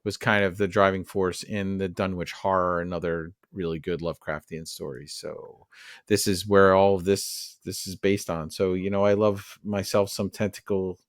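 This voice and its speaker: Male podcast co-host, low pitch, dry close mic, chatty and opinionated. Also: level tone, normal speed, dry recording. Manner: chatty, opinionated, many fillers. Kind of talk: casual film discussion.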